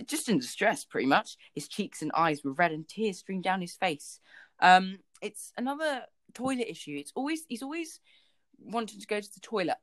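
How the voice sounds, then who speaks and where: A woman's voice: mid-range voice, dry recording. A woman co-hosting a book podcast, chatting casually and rambling with lots of fillers. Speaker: podcast co-host.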